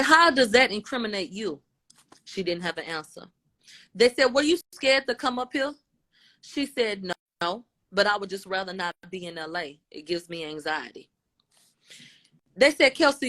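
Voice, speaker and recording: Woman retelling a courtroom exchange. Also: medium pitch. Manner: retells a dialogue, quotes each question and answer in a lively tone. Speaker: radio show host. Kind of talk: recounting court testimony, casual.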